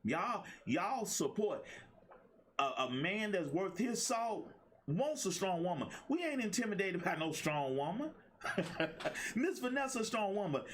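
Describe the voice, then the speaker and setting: A man's voice: sits high, very animated, unhurried, a bit bright. A middle-aged man hosting a motivational livestream, talking in a preachy call-and-response style. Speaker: host and life coach.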